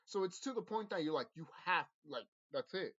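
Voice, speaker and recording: A man's voice: a little high, animated, moderate pace, a bit bright. A man vlogging a rambling spiritual monologue, intense and profane, often repeating himself and restarting his sentences. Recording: dull lo-fi audio.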